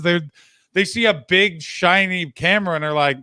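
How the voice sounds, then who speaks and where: A man's voice: sits high, moderate pace, bright, forceful tone, smooth, dry recording, studio quality. A Canadian man telling rambling travel anecdotes in casual chat, acting out the quoted dialogue. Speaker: podcast co-host.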